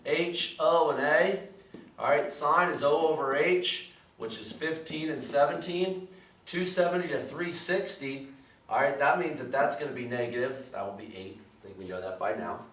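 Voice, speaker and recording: Recorded from a distance, a man with a fairly high, slightly bright voice speaks at normal speed as he walks through a math lesson. He takes problems one step at a time, often saying "okay" and "all right" to check in. His voice is somewhat off-mic in an echoey room with clear background noise.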